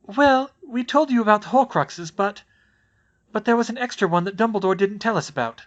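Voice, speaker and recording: A man voicing Hermione, a clever and anxious teenage witch girl, raising his voice higher and speaking quickly and earnestly in a fan audiobook reading. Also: big pitch swings, fairly bright tone, highs cut off, full character voice. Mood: shaky.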